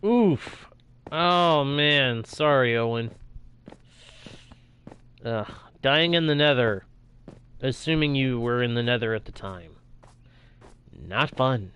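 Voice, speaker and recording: A man's voice: mid-range voice, expressive, takes it slowly, pauses often, fairly bright tone, smooth. A young man talking casually over his own gameplay as a streamer, reacting aloud to what happens on screen. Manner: chatty, reacts aloud while playing. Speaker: gaming streamer.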